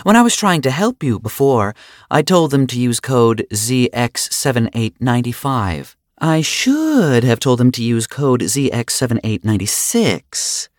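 A man's voice: mid-range voice, big pitch swings, measured pace, no echo, studio quality, pitched above the performer's own voice. A man voicing a sly, sarcastic woman doctor who runs a hospital, talking in a mock-innocent, sing-song way. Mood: faux helpful.

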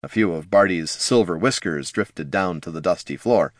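A man narrating an adventure story in a lively, expressive reading voice. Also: low voice, normal speed, no room sound, clean studio sound. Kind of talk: audiobook narration.

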